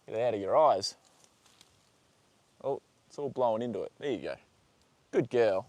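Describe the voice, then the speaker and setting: Australian male livestream host, mid-pitched, relaxed chatty banter, dry close sound, outdoor paddock. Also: normal speed, no echo. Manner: chatty, reads out viewer comments, talks fondly to horses, swears casually. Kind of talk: casual livestream chat.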